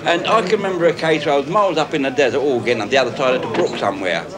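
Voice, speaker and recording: A man telling a war story in a lively way, quoting both sides of the conversation. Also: medium pitch, very fast, over loud music. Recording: crowd chatter behind.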